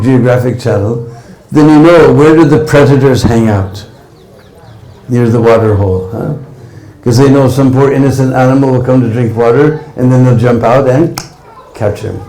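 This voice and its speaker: A man's voice: mid-range voice, warm tone, echoey room, low-quality recording. A man preaching a devotional story sermon, often tagging lines with "hmm?" and "huh?".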